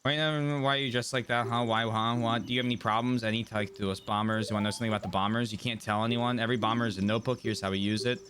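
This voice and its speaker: A man's voice: on the low side, steady tone, very fast, hardly any pauses, noisy background. A young man streaming a video game live, chatting casually and teasing his chat in a dry, mock-stern way. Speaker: livestreamer. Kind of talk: casual live gameplay commentary.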